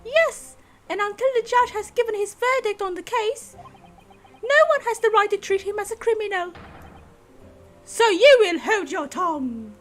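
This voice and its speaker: A woman voicing a bold, confident young male law student in a high, declaiming, chiding voice while reading a game aloud. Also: animated, normal speed, faint music behind. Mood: commanding.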